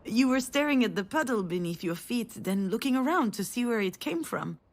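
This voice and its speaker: A woman voicing a mother in a video game, telling a family memory in a warm storytelling manner. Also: a little high, moderate pace. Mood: tender. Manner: warm storytelling, rising to excited cries. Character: tender mother remembering a family trip.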